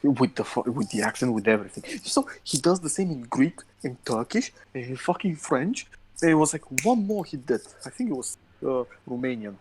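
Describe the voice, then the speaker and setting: A man's voice: mid-range voice, sing-song, normal speed, a little mellow, slight background noise. A young man co-hosting a podcast, telling stories bluntly with heavy swearing. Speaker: podcast co-host. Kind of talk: casual chat.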